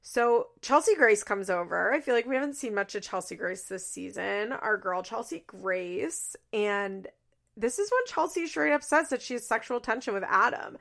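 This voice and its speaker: Chatty woman with vocal fry. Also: a little high, animated, moderate pace, fairly bright tone. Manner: chatty, frequent "like" fillers, laughs often. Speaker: podcast host recapping a reality show. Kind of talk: casual chat.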